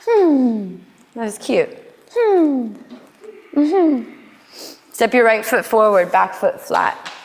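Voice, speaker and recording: A woman teaching a live yoga class, cueing poses in a playful way with quick asides. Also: fairly high pitch, sing-song. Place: yoga studio. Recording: long hall reverb in studio.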